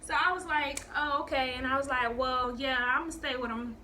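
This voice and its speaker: Bright-voiced young woman telling a storytime. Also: high-pitched, moderate pace, a little hiss or hum. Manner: profane, animated storytelling with quoted voices. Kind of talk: casual storytime vlog.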